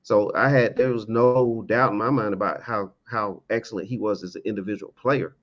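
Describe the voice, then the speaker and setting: A man with a fairly low voice works through his take on a casual sports show. He stops and restarts often, repeating words and filling gaps with "uh". The sound is dull and lo-fi. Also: steady tone. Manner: halting, repeats words, many uh fillers.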